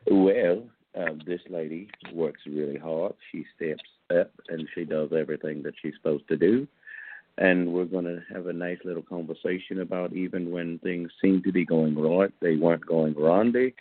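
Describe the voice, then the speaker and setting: Host, man, very low voice, joking rambling style, dry tinny phone sound. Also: steady tone, normal speed, no echo. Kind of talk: casual radio chat.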